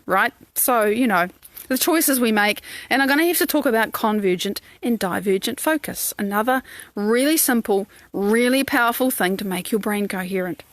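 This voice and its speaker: A woman's voice: on the high side, fairly bright tone, no echo. A woman coach giving a casual live talk to viewers, guiding them through heart-focused breathing in an encouraging way. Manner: encouraging, guides breathing exercises.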